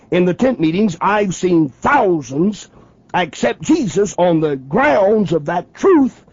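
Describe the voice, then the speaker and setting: A man's voice: high voice, sing-song, slow, darkish tone, slightly rough, dry recording. A man preaching a radio sermon, emphatic and questioning the listener directly, on a dull lo-fi old broadcast.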